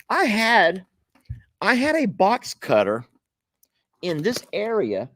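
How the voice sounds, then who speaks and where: A chatty man talks straight to his viewers in a relaxed, homespun way. His pitch swings up and down freely as he goes, with a bouncy, expressive lilt. It sounds like casual vlog chat between friends. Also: very slow. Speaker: vlog host. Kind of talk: casual vlog chat while opening gifts.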